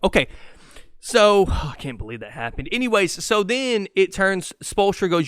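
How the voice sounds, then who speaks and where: Excitable man ranting on a sports podcast. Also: fairly high pitch, clear, resonant tone, dry recording, studio quality. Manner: excitable, fast, profane ranting. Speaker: podcast host. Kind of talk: solo sports podcast rant.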